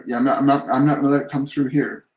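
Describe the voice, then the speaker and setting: Gentle man channeling in an echoey room. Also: medium pitch, fairly even intonation. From Canada. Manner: gentle, repeats phrases, leads slow guided breathing. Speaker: medium hosting a live Q&A. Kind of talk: live-stream channeling Q&A.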